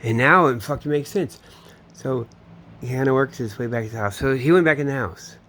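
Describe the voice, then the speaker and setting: A man's voice: mid-range voice, a little fast, fairly bright tone, slight background noise. A man telling a long, meandering personal story, swearing often and trailing off mid-sentence. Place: home in Florida.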